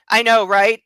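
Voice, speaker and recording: A woman hosts a book club show, pouring out sarcastic, ranting commentary. Her voice is bright and a bit high, recorded close and dry. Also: smooth, dry recording, poor audio.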